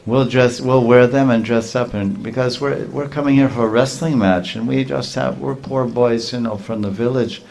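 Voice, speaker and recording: A man's voice: medium pitch, fairly even intonation, normal speed, creaky, hardly any pauses, a little mellow, natural voice. A man voicing a playful, confident young cowherd boy who speaks casually and teasingly, in a storytelling sermon.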